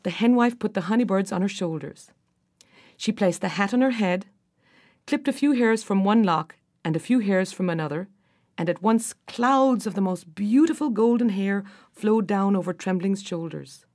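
A woman narrating a folk fairy tale in an unhurried storytelling manner. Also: medium pitch, a little mellow.

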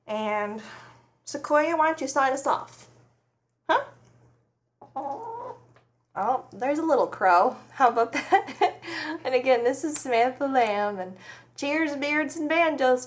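A woman hosting a casual radio show from her farm, chatting, laughing often and talking to her animals. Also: fairly high pitch. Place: farm home studio with dogs nearby.

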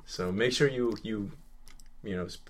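A man co-hosting a podcast in casual chat, halting and repeating words, often laughing. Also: on the low side. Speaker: podcast co-host.

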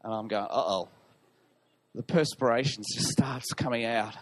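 A man preaching as a pastor, telling a personal story in an animated, self-deprecating way. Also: medium pitch, moderate pace.

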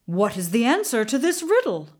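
A woman's voice: fairly high pitch, big pitch swings, normal speed, darkish tone. A woman storyteller voicing a troubled male king who muses and asks questions. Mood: musing. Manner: musing, questioning.

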